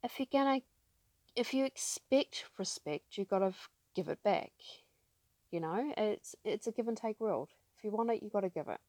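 A woman's voice: medium pitch, animated, normal speed, darkish tone, no echo. A woman hosting her own podcast, telling a personal story in a candid, emphatic, casual way. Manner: candid and emphatic, with frequent fillers. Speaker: podcast host.

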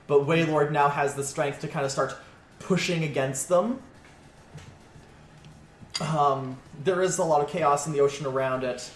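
Man narrating a tabletop game. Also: a little high. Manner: casual, halting, laughs often. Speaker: game master. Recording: echoey room, faint noise.

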